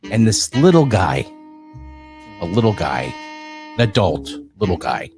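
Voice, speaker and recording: A man co-hosting a podcast, telling a story in an animated, excitable way. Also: low voice, a little slow, gravelly, soft background music. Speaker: podcast co-host. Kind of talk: casual chat, storytelling. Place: home podcast stream.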